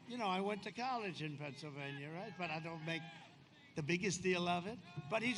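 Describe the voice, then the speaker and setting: A man's voice: high-pitched, brisk, a bit bright. A man giving a rambling, boastful campaign speech at an outdoor rally, talking off the cuff. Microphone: podium microphone. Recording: noisy outdoor rally recording. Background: outdoor rally noise.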